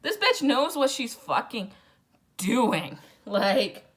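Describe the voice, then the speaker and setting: A woman's voice: a little high, very animated, takes it slowly, breathy edge. A drunk young woman rambling through a casual, profane book summary with sarcastic asides. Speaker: book vlogger.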